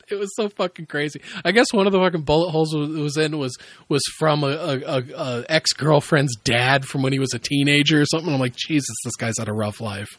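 A man with a slightly higher voice, talking in an easy, unhurried way as a podcast guest. He swears freely and laughs through his stories. The sound is dry and close, with no room around it. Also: fairly bright tone, no room sound. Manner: laid-back, swears freely, laughs often. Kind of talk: casual chat.

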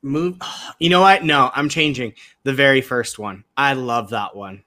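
A man's voice: mid-range voice, a little slow, pushed and bright, no echo. A young man co-hosting a podcast, talking casually with slang and lots of fillers. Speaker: podcast co-host. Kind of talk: casual chat.

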